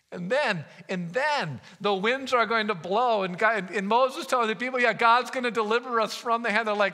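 A man pastor preaching a sermon in a church, telling stories with lively voiced asides. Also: very high-pitched, normal speed, few pauses. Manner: animated storytelling with voiced asides. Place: church sanctuary. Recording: long hall reverb.

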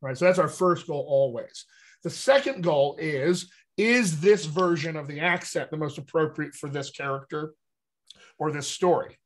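A man's voice: fairly high pitch, moderate pace. A man with a General American accent, a dialect coach explaining accent work in a casual video call, checking in often with "all right?". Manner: animated teaching, frequent "all right?" check-ins.

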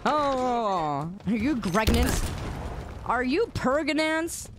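A woman's voice: high-pitched, very animated, slow, over music. A woman streaming a game, chatting playfully with her chat and laughing and protesting as she plays. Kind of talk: casual live-stream chatter.

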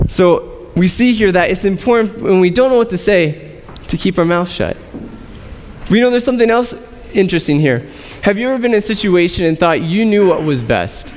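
Male pastor, conversational sermon, high voice, long church reverb. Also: a little hiss or hum. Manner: conversational, asks the congregation questions. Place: church sanctuary.

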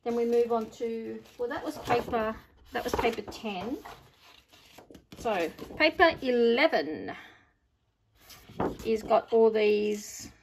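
A woman's voice: fairly high pitch, animated, takes it slowly, pauses often, slight background noise. Gushing middle-aged Australian woman. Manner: gushing, chatty, breaks into delighted exclamations. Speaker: craft vlogger. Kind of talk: casual unboxing chat.

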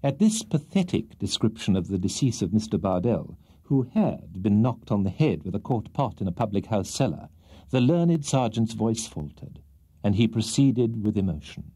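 A man reading a classic novel aloud as a children's audiobook, with expressive, measured storytelling. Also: lowish voice, slightly rough. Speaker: audiobook reader. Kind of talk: scripted storybook narration.

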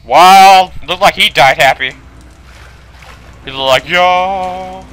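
A man playing a horror video game, commentating with panicky swearing, switching between yelling and muttering. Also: fairly high pitch, slow, clean tone. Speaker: gaming video host.

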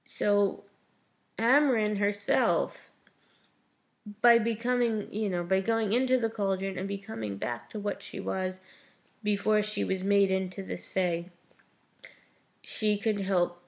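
A woman's voice: medium pitch, fairly even intonation, takes it slowly, creaky, pauses often. A woman retelling a novel's plot in a chatty book review vlog, often saying "like" and "you know".

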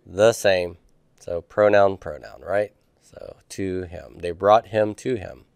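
A man's voice: deep voice, slow, creaky, a little mellow, clear, resonant tone, no room sound. A man reviewing homework with a class, asking students questions and explaining Greek grammar patiently. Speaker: Greek teacher.

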